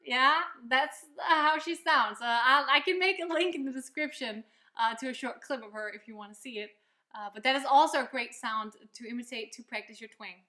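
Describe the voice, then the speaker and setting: A woman's voice: high voice, brisk, pushed and bright. A woman teaching a singing lesson, explaining step by step in an upbeat, encouraging way. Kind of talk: vocal lesson with demonstrations. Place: loud location, not a quiet studio.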